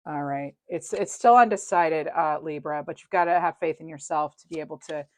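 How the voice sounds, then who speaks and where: A woman's voice: deep voice, a little fast, a little mellow. Chatty woman doing a tarot reading. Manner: chatty, thinks aloud, laughs often. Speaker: tarot reader. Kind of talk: casual tarot reading to camera.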